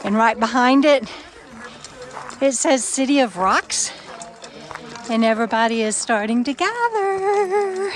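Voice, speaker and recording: A woman's voice: sits high, lively intonation, slow pace, pauses often, noisy background. A woman vlogging at an outdoor campground event, chatting with friends in an upbeat, teasing way as she films on a handheld camera. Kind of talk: casual vlog narration. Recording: chatter of a crowd behind.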